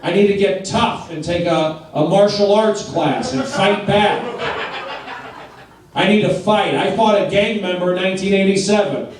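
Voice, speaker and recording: A man with a high-sitting voice does stand-up on a club stage at a normal speed, blunt and self-deprecating in short, repeated sentences. Audience laughter rises behind him, and the recording is distant, echoey and noisy.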